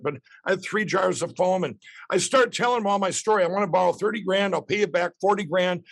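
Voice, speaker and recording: A man, telling a rambling, excited story as a podcast guest. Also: sits high, fast, creaky, no echo.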